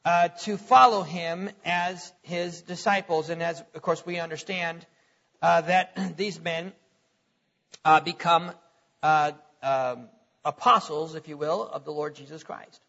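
High, bright-voiced preacher in a hall. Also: male voice, steady tone, a little slow. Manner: conversational, repeats words, chuckles between points. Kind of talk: sermon. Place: church hall. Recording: lo-fi recording in a reverberant hall.

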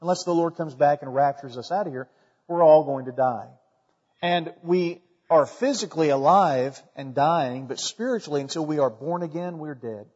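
A man preaching a sermon as a pastor, in a folksy way that climbs to loud, emphatic peaks. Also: a little high. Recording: dull recording with long hall reverb.

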